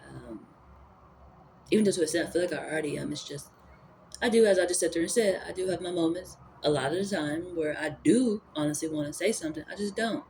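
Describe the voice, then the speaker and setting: Vlogger, casual spiritual musing, rambling, mid-pitched voice, faint background hiss. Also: expressive, fast talker, creaky, darkish tone. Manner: rambling, musing, with repeated fillers; energy and spirituality talk. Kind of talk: casual reflective monologue.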